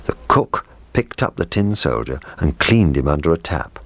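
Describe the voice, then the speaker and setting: A man reading a children's fairy tale aloud in a gentle, measured way. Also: extremely low pitch, very animated, dry recording. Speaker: storyteller. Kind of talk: scripted narration.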